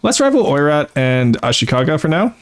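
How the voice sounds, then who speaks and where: A man's voice: a little high, sing-song, a little fast. A man streaming a strategy game, casually thinking aloud and explaining his tactics with frequent "uh"s and self-corrections. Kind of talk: casual live-stream commentary.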